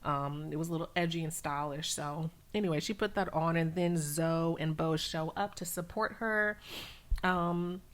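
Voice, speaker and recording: A woman casually recapping a reality TV episode, chatty and animated, with lots of fillers as she retells the scenes. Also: deep voice, moderate pace. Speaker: recap channel host.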